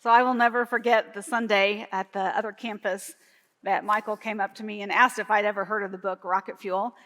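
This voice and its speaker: A woman's voice: mid-range voice, steady tone, brisk, a bit bright. A woman on a church leadership team speaking in an earnest, conversational way during a sermon. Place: church sanctuary. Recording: long hall reverb.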